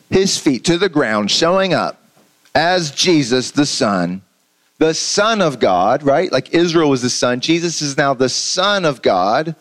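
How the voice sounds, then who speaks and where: A man's voice: on the high side, poor audio. A man preaching a sermon in a conversational, earnest way, often restarting his phrases and asking the congregation questions. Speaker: pastor.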